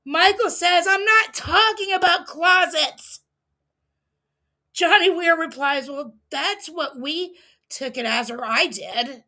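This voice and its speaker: High pitched woman doing a chill stream recap, slow and bright, acts out the quotes. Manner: reads quotes aloud with animated emphasis, laughs often. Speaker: livestream recap host. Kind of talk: casual recap livestream. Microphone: streaming setup mic.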